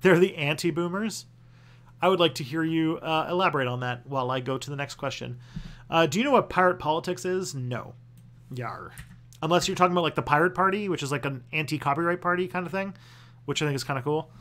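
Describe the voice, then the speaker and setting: A young adult man with a fairly high, slightly bright voice hosts a casual livestream Q&A. He answers viewer questions in a loose, rambling, halting way, constantly restarting and dropping the occasional swear word.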